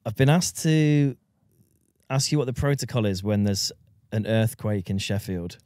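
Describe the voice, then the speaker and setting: A man hosting a casual podcast chat, relaxed and chatty, laughing along with his guest. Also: on the low side, measured pace, dry recording, clean studio sound. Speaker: podcast host.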